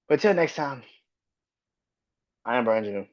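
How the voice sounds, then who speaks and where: A man hosting a solo wrestling podcast, talking in a profane, heated rant that swings from low mutters to sharp outbursts. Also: lively intonation, normal speed, pauses often, lo-fi sound. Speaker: podcast host.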